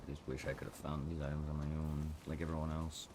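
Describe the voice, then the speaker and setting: A tired man with a sore throat streaming a game, talking in a monotone, self-deprecating way. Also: a bass voice, fast talker, background noise. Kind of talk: casual live gameplay commentary.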